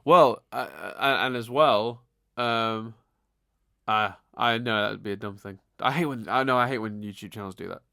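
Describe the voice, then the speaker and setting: A man's voice: on the low side, normal speed, sharp tone, no room sound, clean studio sound. A man co-hosting a podcast, chatting casually and rambling, with many restarts and repeated words. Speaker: podcast co-host. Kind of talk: casual chat.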